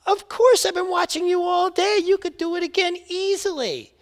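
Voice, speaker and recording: Eager, gushing male fan, put on by a male preacher, pitched up high with lots of swing. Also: sing-song, moderate pace, a bit bright, heavily acted. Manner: gushing, insistent. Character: overeager excited male spectator, adult. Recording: reverberant hall.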